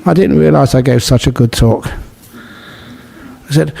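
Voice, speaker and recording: A Buddhist monk giving a relaxed dharma talk at a city meditation centre, teaching gently and mixing in humorous stories. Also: male voice, mid-range voice, normal speed, gravelly. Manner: humorous, storytelling with jokes.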